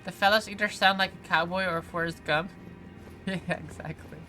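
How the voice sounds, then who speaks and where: A game streamer talks over a live session at a mid-range pitch, reading out viewer messages and replying in loose, rambling sentences full of "like" and restarts. Game music plays clearly behind the voice on a close desk mic. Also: fairly even intonation, fairly quick, pushed and bright, low-quality recording. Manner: chatty, reads viewer comments aloud and answers them; frequent "like" fillers and self-corrections. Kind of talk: casual live-stream chat while playing.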